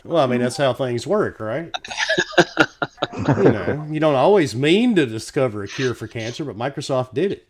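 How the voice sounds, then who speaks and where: A man's voice: medium pitch, expressive, moderate pace, a little mellow. A man hosting a casual gaming talk show who jokes loosely and swears freely. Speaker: podcast host. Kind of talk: casual online show chat.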